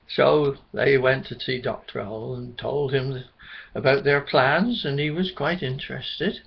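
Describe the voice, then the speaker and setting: A man telling a children's story in a gentle, chuckling storybook manner. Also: medium pitch, measured pace, creaky, breathy edge. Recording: dull lo-fi recording.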